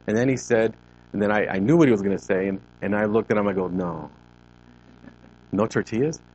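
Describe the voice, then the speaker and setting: A man's voice: lowish voice, a little mellow, lo-fi sound. A man in his fifties, a ministry leader, telling a personal story to a group in a gym, acting out the conversations he recalls. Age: 50s. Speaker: ministry leader giving a talk. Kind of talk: personal testimony talk to a group. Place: CrossFit gym.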